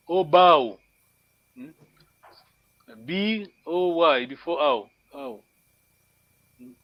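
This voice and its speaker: A man leads a live language lesson, patiently repeating each word so students can copy it, with frequent chuckles. His voice sits fairly high, and he speaks slowly and deliberately. The call audio is dull and lo-fi, with a dry, close sound. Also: no echo. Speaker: language teacher.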